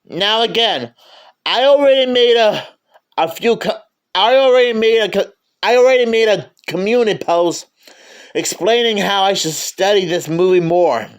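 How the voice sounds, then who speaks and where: A man's voice: sits high, lively intonation, moderate pace, smooth. A man giving a casual movie review, stammering and often restarting his sentences.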